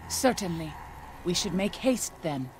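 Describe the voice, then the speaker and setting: An actor playing an earnest young tribal scout in a video game, speaking in a formal, polite way. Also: male voice, high-pitched, very animated, unhurried, over music.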